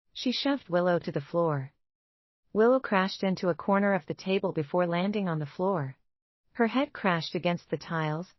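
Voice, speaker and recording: Low-voiced woman narrating a romance. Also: dry recording, dull audio.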